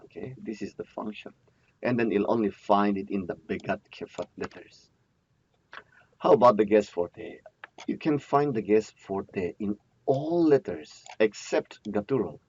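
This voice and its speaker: A man's voice: fairly low pitch, lively intonation, unhurried, a little mellow, slight background noise. Guy teaching grammar, repeats himself a lot, asks then answers, muffled lo-fi sound. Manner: repeats key terms, asks and answers his own questions. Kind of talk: classroom lecture. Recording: dull lo-fi recording.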